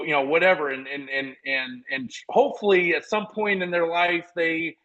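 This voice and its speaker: A man in his forties from South Dakota, a podcast guest telling stories in an energetic, earnest, rambling way full of restarts. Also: fairly high pitch, normal speed, few pauses, highs cut off. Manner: earnest, motivational. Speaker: podcast guest, former college football walk-on. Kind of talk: casual conversational storytelling.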